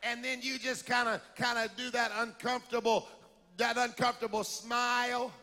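A man preaching a sermon, animated and calling out to the congregation for a response. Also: very high-pitched, moderate pace, gravelly. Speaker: pastor. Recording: long hall reverb.

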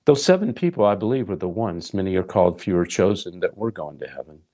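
A man's voice: deep voice, animated, fast talker, mellow. A middle-aged man preaching a sermon, telling a personal story and acting out his dialogue with God, addressing listeners as folks. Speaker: pastor.

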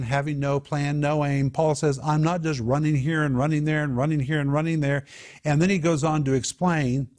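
A man's voice: on the high side, darkish tone. A man teaching a Bible study in an emphatic way, repeating his key phrases.

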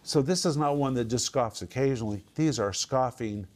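Guy teaching a bible study at home, leans hard on words, repeats stuff, medium pitch. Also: normal speed. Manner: emphatic, repeats words for stress.

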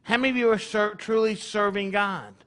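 A man's voice: high-pitched, steady tone, fairly quick, fairly bright tone. A man leading his congregation in a conversational sermon, full of rhetorical questions. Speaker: congregation leader.

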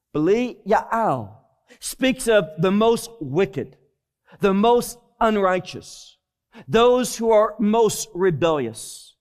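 A man preaching a Bible teaching sermon, slowly and emphatically explaining Hebrew words verse by verse. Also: sits high.

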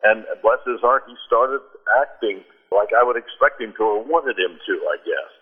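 A man's voice: on the low side, moderate pace, breathy edge. A man, a preacher and guest on a radio interview program, telling a personal story in an earnest, heartfelt way with frequent restarts. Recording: narrow phone-like radio sound.

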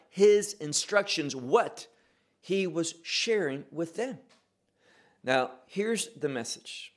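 A man delivers a Bible study in a sermon style, posing questions to his listeners and answering them himself. His speech is unhurried, and his voice sits a little high for a man. He stresses key phrases by slowing down and letting his pitch fall. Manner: slows and drops pitch to stress key words. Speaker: Bible teacher. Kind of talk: teaching sermon.

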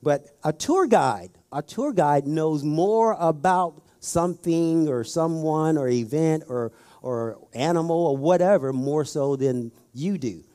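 Man preaching a folksy, mellow sermon. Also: on the high side, expressive, slow, hardly any pauses. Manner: folksy, storytelling, addresses the audience directly. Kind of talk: conversational sermon.

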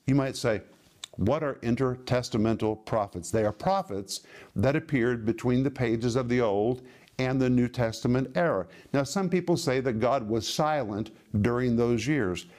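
A man preaching a teaching sermon, reading scripture slowly and stressing words with emphasis. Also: medium pitch, darkish tone. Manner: slow emphatic Bible reading, stretched words.

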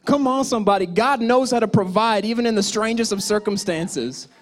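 A male pastor preaches straight to his congregation, alternating between loud exhortation and quiet asides. His voice is high and his pace brisk.

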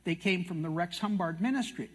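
Older man from canada, high-pitched voice, folksy sermon storytelling, self-mocking asides. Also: fairly quick, breathy edge. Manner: folksy, self-mocking anecdotes with acted quotes. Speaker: TV prophecy teacher speaking at a meeting.

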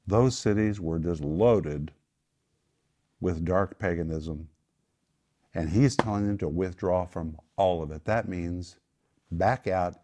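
A man's voice: deep voice, a little mellow. Emphatic man teaching the Bible. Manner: emphatic, stresses key words. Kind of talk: Bible teaching in a home group.

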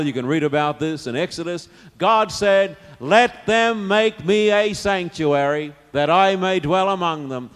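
A man preaching a sermon, swinging from loud declarations to hushed, intimate asides. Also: on the high side, clear, resonant tone. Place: church or meeting hall. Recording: long hall reverb.

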